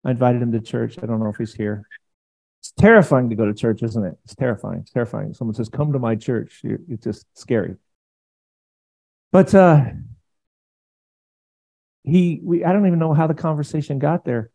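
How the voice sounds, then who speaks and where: A male pastor preaching a sermon in an animated, conversational way, acting out quotes as he goes. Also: medium pitch, moderate pace, pauses often.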